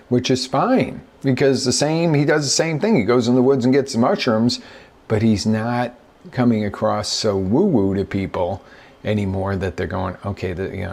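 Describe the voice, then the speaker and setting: A man's voice: fairly low pitch, gravelly, darkish tone. A middle-aged man hosting a show as a business coach, telling stories in a casual motivational talk and acting out the quotes. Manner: conversational storyteller who acts out quotes.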